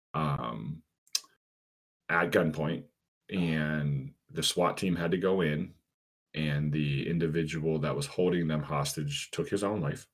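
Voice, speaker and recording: A man with a low, husky voice hosts a casual podcast. He tells stories in a relaxed, chatty way. His speech is full of fillers and restarts. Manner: relaxed, storytelling, frequent fillers. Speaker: podcast host and animal protection officer.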